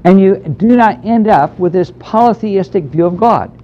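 A man's voice: high-pitched, moderate pace. Man giving a dull-sounding Bible lecture. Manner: emphatic, conversational teaching with fillers. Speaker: Bible teacher.

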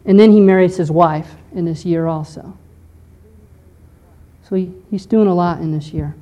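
A woman teaching a history lesson to a class, explaining step by step and often pausing to check in with "okay". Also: fairly low pitch, dark tone, muffled recording. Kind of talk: lecture on church history.

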